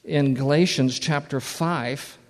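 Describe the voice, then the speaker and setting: A man's voice: fairly high pitch, slow. A man teaching a Bible study in an earnest, plain-spoken way, repeating words for emphasis, in a church hall. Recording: long reverb of a large hall.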